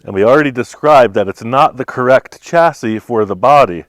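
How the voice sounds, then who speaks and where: A man's voice: mid-range voice, moderate pace, no echo. Laid-back joking man. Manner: dry teasing jokes, laid-back. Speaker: car builder and host. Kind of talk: casual on-camera banter.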